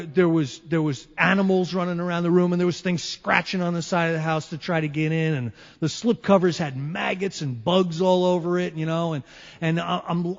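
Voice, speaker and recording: A man shares his recovery story before a meeting, lively and wry, acting out scenes from his past. His voice sits fairly high. The old recording is dull and lo-fi, with his words ringing on in a long hall reverb. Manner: animated, wry storyteller who acts out moments.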